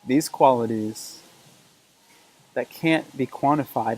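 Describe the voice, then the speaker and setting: A man's voice: mid-range voice, steady tone, unhurried, dark tone, poor audio. A man talking to camera in an earnest, reflective way, repeating phrases for emphasis, recorded on a camera propped on a table. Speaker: vlogger. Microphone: camera mic on a table.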